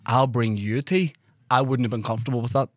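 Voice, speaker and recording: A man's voice: medium pitch, steady tone, fast talker, no echo, studio quality. A man with a Northern Irish accent hosting a podcast, chatting casually and laughing easily. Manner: laughs easily, stammers and restarts. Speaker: podcast host. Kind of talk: casual chat.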